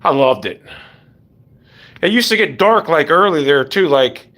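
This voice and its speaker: A man's voice: a little high, lively intonation, measured pace, fairly bright tone. A man chatting casually on stream, rambling bluntly from topic to topic and swearing freely. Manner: blunt, profane, wanders between topics.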